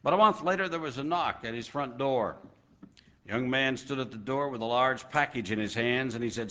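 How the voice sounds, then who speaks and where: A male preacher telling a sermon story with dramatic pauses and slow emphasis. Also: mid-range voice, lively intonation, bright, forceful tone.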